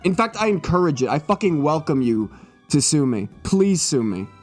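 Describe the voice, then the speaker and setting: Faint music plays behind a slightly tipsy young man doing a comedic monologue on his live stream. His fairly high, raised voice is lively and keeps rising and falling at a normal pace as he jokes and curses through a mock-serious bit.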